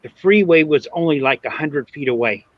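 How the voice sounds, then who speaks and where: A man co-hosting a podcast, telling a story in an animated way and swearing freely. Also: on the high side, brisk, no room sound, dull audio. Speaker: podcast co-host. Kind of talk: casual storytelling.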